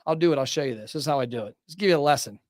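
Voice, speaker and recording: A man hosting a casual podcast conversation from his studio, energetic and motivational, talking in quick bursts. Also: medium pitch, no echo. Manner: salesy, motivational. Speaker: podcast host.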